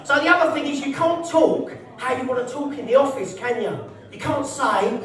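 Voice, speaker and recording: A man's voice: very high-pitched, moderate pace, hardly any pauses, fairly bright tone, heavy reverb, recorded from a distance. A man performing a live stand-up set in a social club, brash, sweary and mocking. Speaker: stand-up comedian. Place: social club comedy night, indoors.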